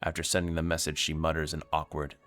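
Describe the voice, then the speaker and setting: A man's voice: a bass voice, monotone, quick pace, fairly bright tone, faint music behind. A man streaming himself reading a narrative game aloud, with wry asides between the lines.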